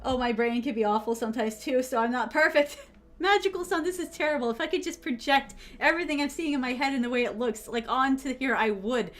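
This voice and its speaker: A woman's voice: high-pitched, a little fast, fairly bright tone. A young woman chatting casually with viewers as she writes live, reading her drafts aloud and giggling. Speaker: streamer writing live. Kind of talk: casual chat while writing.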